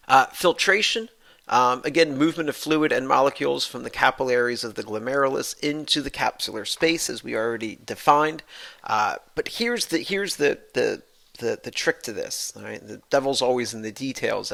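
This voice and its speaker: A man's voice: mid-range voice, moderate pace, vocal fry, pushed and bright. A man, a professor, giving a recorded anatomy lecture, explaining step by step and restating his points with many fillers.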